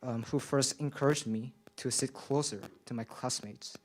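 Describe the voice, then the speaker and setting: A man's voice: medium pitch, steady tone, moderate pace. A young man whose first language is not English, reading a nervous, shaky public comment at a school board meeting, with many fillers and restarts. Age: young adult. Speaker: public commenter, college student. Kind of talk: nervous prepared speech.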